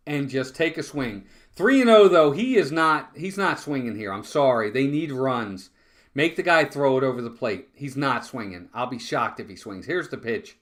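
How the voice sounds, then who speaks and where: Excitable fan calling a baseball game. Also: male voice, mid-range voice, moderate pace. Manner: excitable, groans and vents frustration at calls. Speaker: fan play-by-play streamer. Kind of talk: live fan play-by-play with chat.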